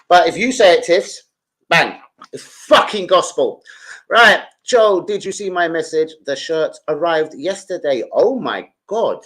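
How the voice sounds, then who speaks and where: An older man, chatting casually on a live stream, shouting out to viewers and swearing freely. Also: on the high side, animated, unhurried.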